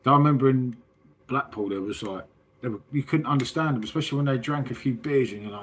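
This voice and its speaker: A man's voice: medium pitch, fast talker, slight background noise. A man with a southern English accent, chatting casually and rambling to his livestream viewers, full of tag questions and "mate". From southern England. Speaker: livestream host. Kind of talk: casual chat with live chat.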